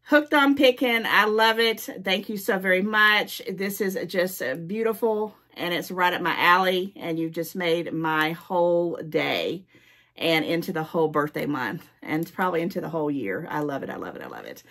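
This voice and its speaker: A woman's voice: fairly low pitch, normal speed, a bit bright. A woman with a Southern US accent, gushing and repeating her thanks while opening gifts in a casual home vlog. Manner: gushing, effusive, repeating herself. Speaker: YouTube host opening gifts. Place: at home in daylight.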